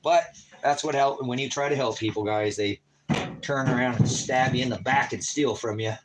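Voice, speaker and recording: A man's voice: mid-range voice, normal speed, heavy background noise. A man on a livestream at home, ranting in a profane, taunting way at people in his chat. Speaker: livestream host. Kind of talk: angry livestream rant. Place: at home by a wood stove.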